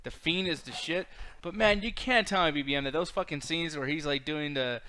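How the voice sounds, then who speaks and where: A man's voice: fairly high pitch, brisk, pushed and bright, a little hiss or hum. A man co-hosting a casual pop-culture podcast, emphatic and swearing freely, reading chat comments aloud. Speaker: podcast co-host.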